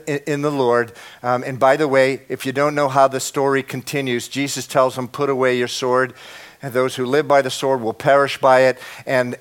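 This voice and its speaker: A man preaching a sermon, dropping to a hush and then rising to loud, impassioned lines. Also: medium pitch. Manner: swings from hushed to shouting, acts out prayers. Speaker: pastor.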